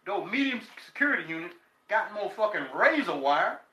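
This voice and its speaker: A man's voice: sits high, sing-song, brisk, pushed and bright, roomy sound, poor audio. An older man from Texas, telling stories casually and profanely as a guest. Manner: profane, laughing storyteller. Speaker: guest, former prisoner. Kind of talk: casual storytelling.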